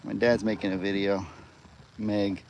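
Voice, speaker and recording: A young man chatting casually on a live stream, cooing at animals in a high voice and calling out to them loudly. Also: flat delivery, a little slow, a little hiss or hum. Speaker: farm livestream host. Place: outdoors on a farm among animals.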